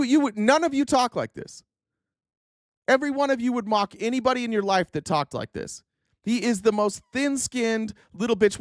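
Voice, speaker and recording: A man's voice: sits high, dry recording, studio quality. A man hosting a political commentary stream, ranting in a mocking, profane, heated way.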